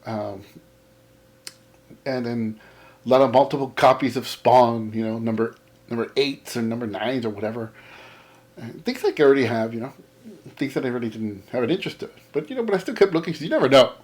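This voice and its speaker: A man's voice: medium pitch, a little fast, pauses often, a little mellow. A man from Texas, telling a casual vlog story about a garage sale, laughing often and acting out both sides of the chat. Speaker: comic collector vlogger.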